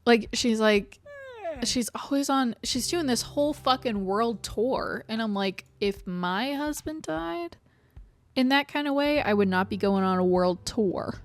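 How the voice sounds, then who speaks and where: A woman's voice: a little high, animated, measured pace. A young adult woman streaming a game, chatting casually in a rambling way, swearing freely and laughing often. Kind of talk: casual chat while playing a game. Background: faint background music.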